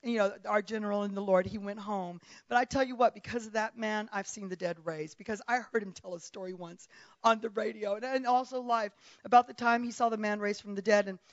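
A woman preacher telling a dramatic personal story in a sermon, emphatic, with loud bursts and frequent restarts. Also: mid-range voice, fairly even intonation, a little fast, no room sound, dull audio.

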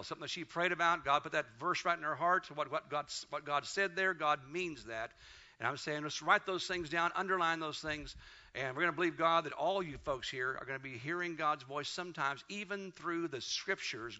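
A middle-aged American pastor preaches with a high, very bright and ringing voice. He builds to loud, emphatic proclamations and then settles back. The recording is muffled and lo-fi. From United States. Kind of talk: sermon.

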